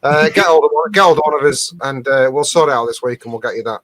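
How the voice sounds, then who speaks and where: A man's voice: mid-range voice, fast talker, a bit bright, dry recording. A man co-hosting a casual live stream, reading viewer comments aloud and laughing often. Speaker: co-host reading out viewer captions.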